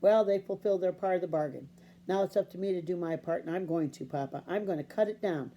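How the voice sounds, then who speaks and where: A woman's voice: fairly low pitch, fast, muffled recording, slight background noise, natural voice. A woman voicing a determined young country boy in a storybook reading, speaking earnestly. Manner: earnest and pleading.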